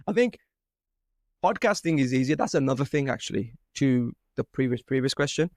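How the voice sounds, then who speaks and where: Young male host, lively and loose, dry close sound. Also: medium pitch, brisk, no room sound. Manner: animated, swearing, laughing storyteller. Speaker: podcast host. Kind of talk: casual podcast chat.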